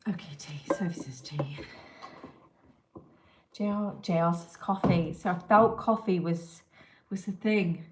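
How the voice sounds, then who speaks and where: A woman's voice: medium pitch, moderate pace. A woman, chatting casually with viewers as a livestream host and reading out their comments. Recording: echoey room with clear background noise.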